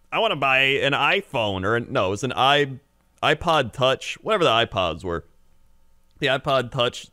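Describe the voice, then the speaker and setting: A man's voice: medium pitch, fairly bright tone, no room sound, clean studio sound. A man in his thirties co-hosting a podcast, telling rambling stories with lots of laughs and acted-out voices. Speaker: podcast co-host. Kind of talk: casual storytelling chat.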